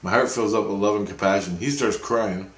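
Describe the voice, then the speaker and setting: Recounting dreams, a male vlogger rambles through a personal story with frequent restarts, his low voice jumping higher whenever he quotes someone. He talks fairly quickly with a fairly bright tone, and the roomy space gives a noticeable echo.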